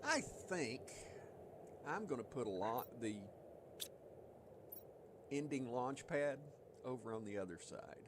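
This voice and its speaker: A man's voice: mid-range voice, lively intonation, takes it slowly, pauses often, background noise. Joking man streaming a game. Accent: Southern US. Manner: joking, teasing, chuckles often. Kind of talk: casual live-stream chat.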